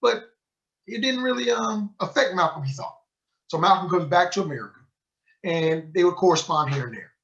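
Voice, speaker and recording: Here a high-sitting male voice moves at a normal speed. Taking the part of a sheikh for a book club talk, he tells his story with vigor and dramatizes the quoted exchanges, all in a lecture format heard through muffled, lo-fi audio.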